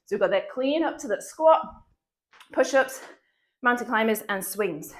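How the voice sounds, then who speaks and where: Leading a dumbbell workout, this female fitness instructor counts cheerfully and laughs a lot despite having a cold. Her voice is a little high and animated, a little slow, with a slight cough in it.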